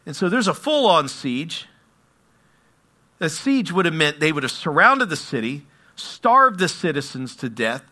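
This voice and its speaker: A man preaching a sermon, animated and asking his listeners questions. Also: a little high, unhurried. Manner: animated, asks the audience questions. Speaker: pastor.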